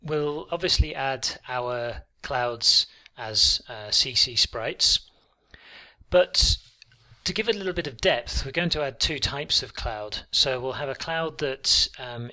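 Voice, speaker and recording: A man walking through a coding tutorial on screen, relaxed and thinking aloud with frequent ums. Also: medium pitch. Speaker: programming tutor.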